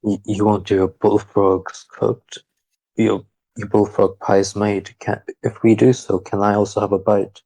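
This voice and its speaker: A man's voice: on the low side, little pitch movement, measured pace, creaky, dark tone, breathy edge, no room sound, rough recording. A man playing a tabletop game, speaking earnestly for his character. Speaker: player.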